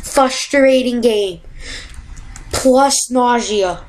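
A woman giving casual, excitable commentary while playing a video game at home, often exasperated and yelping at tough jumps. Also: a little high, extremely slow, low-quality recording. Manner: exasperated, excitable, yelps and gasps. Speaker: gamer.

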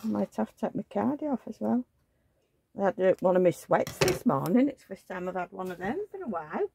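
A woman's voice: medium pitch, sing-song, brisk, gravelly, noisy background. A middle-aged woman, rambling fondly in a casual home vlog while she handles her dolls. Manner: homely, rambling, fond chatter. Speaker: doll collector vlogger. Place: indoors at home.

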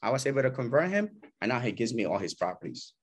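A man's voice: mid-range voice, fast, breathy edge. Realtor man coaching a group casually. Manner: animated, acts out client and agent quotes; repeats "right?" and "you know?". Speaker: realtor teaching agents.

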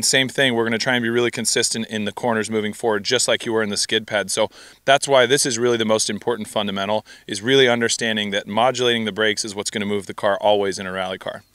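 A man working as a rally driving instructor, explaining technique in a relaxed, conversational way. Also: fairly low pitch, clean tone, no room sound.

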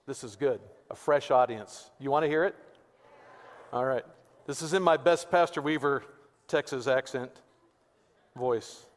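A man's voice: medium pitch, measured pace, pauses often. A male pastor giving casual, joking announcements before his sermon, with many fillers, in a reverberant church sanctuary.

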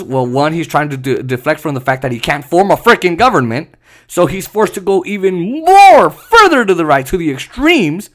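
A man's voice: high-pitched, a bit bright. A man hosting a solo podcast, giving heated, sarcastic political commentary and mocking the people he criticizes. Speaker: podcast host.

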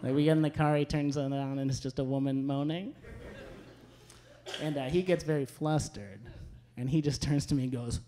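A young man performing a stand-up comedy set on a club stage, telling stories in a deadpan way with punchy asides. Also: medium pitch, moderate pace. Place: comedy club stage before a live audience. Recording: live show with audience laughter.

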